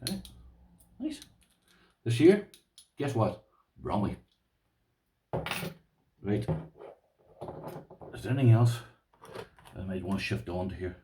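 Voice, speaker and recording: A man's voice: low voice, expressive, a little slow, pauses often, dark tone, reverberant, distant mic, slight background noise. Rambling Irish man showing off padlocks. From Ireland. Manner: rambling, talks to viewers as "boys", uses "this here". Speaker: lock collector showing his padlocks. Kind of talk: casual show-and-tell to camera.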